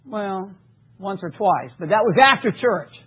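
A man preaching a sermon, reading scripture emphatically and dropping low for asides. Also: animated, unhurried, slightly rough. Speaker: pastor. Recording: tinny phone-like recording.

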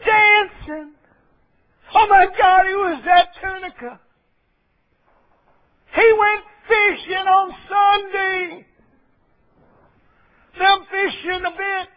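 A man putting on a shrill smug Pharisee. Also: steady tone, very slow, pauses often, exaggerated voice. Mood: scandalized. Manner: mocking, scandalized exclamations. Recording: dull lo-fi recording.

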